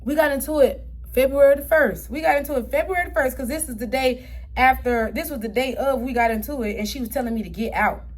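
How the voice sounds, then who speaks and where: High-voiced young woman telling a heated story. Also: fast talker. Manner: heated and profane, swings up and down in pitch while retelling. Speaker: storytime vlogger. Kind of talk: casual storytime vlog.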